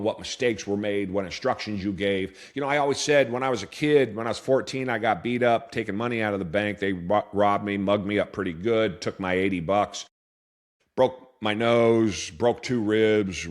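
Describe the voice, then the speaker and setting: A man in his fifties from Portland, Oregon, a business owner telling candid, earnest stories in an interview, often restarting his sentences. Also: on the low side. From Portland, Oregon, USA. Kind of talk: reflective storytelling interview answer.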